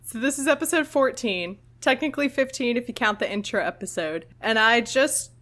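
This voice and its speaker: A woman's voice: fairly high pitch, animated, a little fast, a bit bright. A young woman hosting a podcast in casual chat, chatty, with frequent laughter and fillers. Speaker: podcast host.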